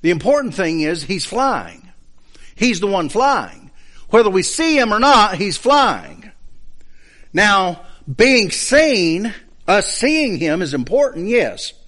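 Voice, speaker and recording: A man's voice: high voice, big pitch swings, fairly bright tone. A man teaching a Bible study lesson, explaining points step by step and checking in with his listeners. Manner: explains slowly, checks understanding with asides.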